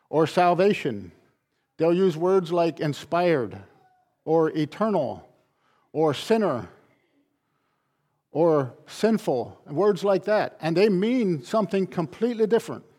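This man's voice sits on the high side and sounds a little mellow. Delivering a sermon, the pastor hammers his message with forceful, repeated phrasing.

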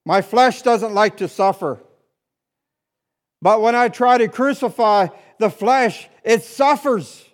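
High-voiced male pastor preaching. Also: slow. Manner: swings between loud urgent appeals and hushed low asides; repetitive preaching cadence. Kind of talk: sermon.

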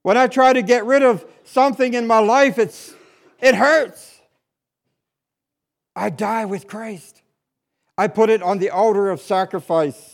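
Man, high voice, pastor preaching, loud appeals and quiet asides, repetitive cadence. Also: normal speed. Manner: swings between loud urgent appeals and hushed low asides. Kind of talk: sermon.

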